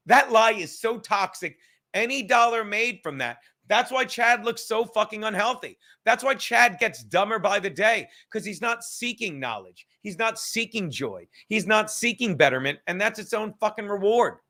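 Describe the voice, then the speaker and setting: A man's voice: high-pitched, animated, moderate pace, bright, forceful tone. A man hosting a podcast, rambling casually from his apartment, swearing and joking. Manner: profane, joking, reads aloud from a book. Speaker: podcast host.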